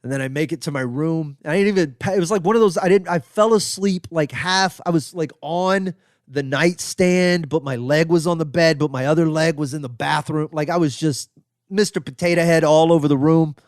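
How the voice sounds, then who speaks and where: A man spins a rambling travel story with loose, animated delivery. His voice sits a little high for a man. The sound is close and dry, with no room around it. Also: a little fast, no echo. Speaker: comedian and podcast host.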